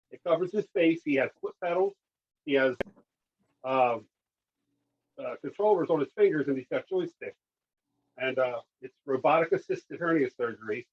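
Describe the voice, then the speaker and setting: A man with a husky, slightly raised voice tells his story in a casual podcast chat. He gets animated and acts out the dialogue with doctors and nurses. The audio sounds dull and lo-fi, like a remote call. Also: fairly high pitch. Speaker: guest.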